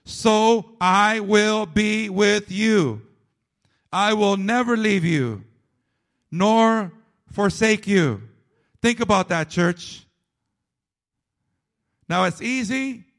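High gravelly-voiced male preacher. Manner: emphatic, repetitive preaching with dramatic drops to low, quiet delivery. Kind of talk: sermon.

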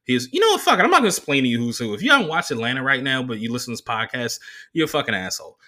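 A man hosting a solo podcast, telling stories in a casual, profane and animated way and slipping into voices. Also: mid-range voice, racing. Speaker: podcast host.

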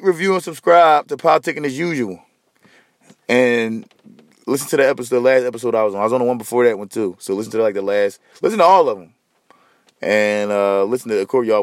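Hosting a podcast by himself, a man rambles sleepily and swears loosely in a casual solo monologue. His voice is lowish, and the recording is dry with studio quality.

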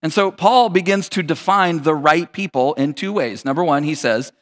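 A man's voice: on the high side, moderate pace, big-room sound. A man preaching a sermon as a pastor, in a casual, conversational and slangy way.

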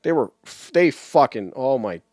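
A young man co-hosts a casual podcast chat, his medium-pitched voice moving a little slowly as he rambles animatedly and swears often. The recording is clean studio sound with no room sound.

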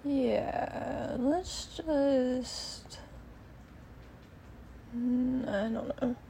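A woman's voice: high voice, extremely slow, gravelly, dark tone, slight background noise. A young woman hosting a podcast, chatting in a meandering way and thinking aloud, with lots of fillers, from a bedroom at her mother's house. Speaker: podcast host. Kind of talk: rambling solo podcast chat.

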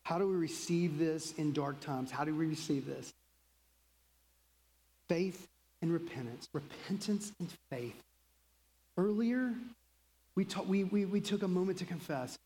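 A French-Canadian pastor preaches a sermon in a conversational tone, acting out quotes in lively voices. His medium-pitched voice is a little slow with long pauses, and the poor audio carries the long reverb of a big church hall.

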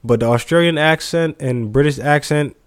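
A man's voice: fairly high pitch, normal speed, clear, resonant tone, no echo, studio quality. A young American man chatting casually as he reacts to a video. He talks loosely, laughs often and swears freely.

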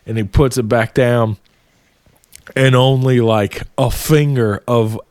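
A man retelling a story in a casual, animated, profane way. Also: mid-range voice, slow pace, clear, resonant tone, dry recording, clean studio sound. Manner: profane, animated, laughs while telling.

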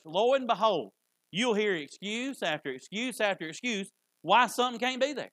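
Male preacher, high bright tone, dry close sound, folksy, stammering sermon. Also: lively intonation, normal speed, dry recording. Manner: folksy, repetitive, stammers on restarts.

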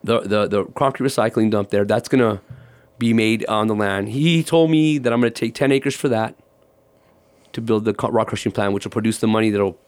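A man's voice: fairly low pitch, fairly quick. A man, a ministry guest, telling his personal testimony and acting out the conversations in it. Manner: animated storyteller acting out dialogue.

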